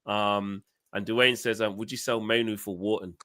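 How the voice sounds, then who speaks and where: A man's voice: on the low side, steady tone, normal speed, sharp tone. A man co-hosting a casual football fan panel, reading viewers' comments and bantering with laughter and swearing. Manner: banter-heavy, laughs often, swears when worked up. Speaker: co-host reading super chats.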